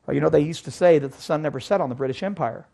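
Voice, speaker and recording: A man giving an animated sermon-style Bible lecture, asking his audience rhetorical questions. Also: on the high side, very fast, creaky. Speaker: Bible teacher.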